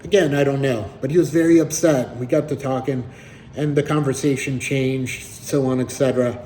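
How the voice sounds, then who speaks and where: A man recounts a story in a relaxed, conversational way, with a dry, slightly wry edge. His voice sits at a middle pitch with a warm, mellow tone. A faint hum of noise runs behind him. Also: moderate pace, rough recording. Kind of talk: casual spoken storytelling.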